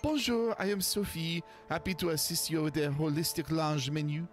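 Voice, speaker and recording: A man's voice: a little high, fairly even intonation, normal speed, faint music behind, pitched above the performer's own voice, natural voice. Man doing a chirpy French sommelier lady. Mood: gracious. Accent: put-on French. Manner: slips into bits of French, stumbles over words. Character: cheerful French woman sommelier, gracious.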